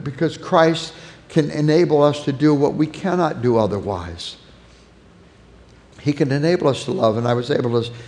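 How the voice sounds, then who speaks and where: A man preaching a sermon on parenting, earnest and warm, softening when he tells a family story. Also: a little high. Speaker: pastor teaching on parenting. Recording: long hall reverb.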